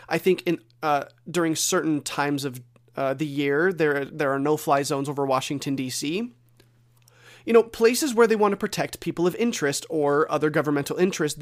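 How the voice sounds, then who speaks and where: A man hosting a solo news podcast, talking with impassioned ranting and pointed rhetorical questions. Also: fairly high pitch. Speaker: podcast host.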